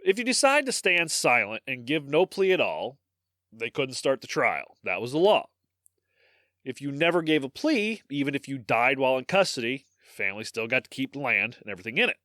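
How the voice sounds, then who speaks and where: Man, Midwestern accent, podcast host, animated pitch, dry close sound. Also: fairly quick, no echo. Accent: Midwestern American. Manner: animated, swearing, laughing storyteller. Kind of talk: casual history podcast chat.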